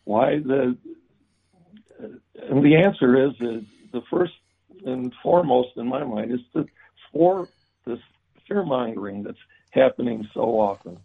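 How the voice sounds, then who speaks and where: A man being interviewed about his book, talking haltingly with many restarts and fillers. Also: mid-range voice, expressive, vocal fry, breathy edge. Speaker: book author guest. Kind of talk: remote interview. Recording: tinny phone-like line.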